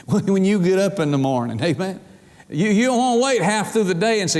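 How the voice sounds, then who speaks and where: A man preaching a sermon as pastor, emphatic, stretching key words slowly and dropping low at the ends of phrases, calling out to the congregation. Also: animated, a little mellow. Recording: long hall reverb.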